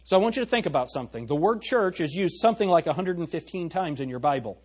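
Man preaching, slightly high husky voice, reads bible verses out loud and keeps asking the crowd if that's fair. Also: animated, fast talker. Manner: asks the congregation for agreement; reads scripture aloud in a raised voice. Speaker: pastor. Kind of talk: expository sermon.

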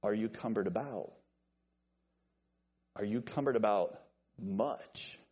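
A man preaching an evening sermon, animated and joking with listeners he calls by name. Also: slow pace, breathy edge. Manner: animated, jokey asides to named listeners, lively pitch swings.

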